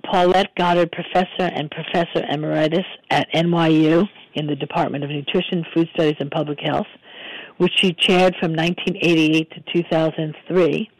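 A man hosting a radio talk show, hoarse after losing his voice, talking casually with many ums and restarts. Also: on the high side, poor audio. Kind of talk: casual radio talk, recipe and guest intro.

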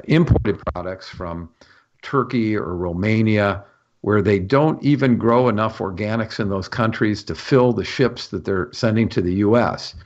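A man from Wisconsin speaking as a guest on a radio interview, earnest and explanatory, often pausing on fillers and restarting his sentences. His voice sits fairly low. The audio is dull and lo-fi, like a radio recording. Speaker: guest from a farm policy institute.

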